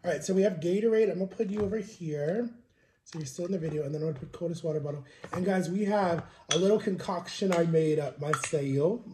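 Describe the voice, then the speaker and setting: A man's voice: a little high, fast, darkish tone, echoey room, a little hiss or hum. A young man chatting casually while eating on camera, venting in a rambling, frustrated way while sick with a cold. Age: young adult. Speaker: vlogger. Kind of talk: casual mukbang vlog chat.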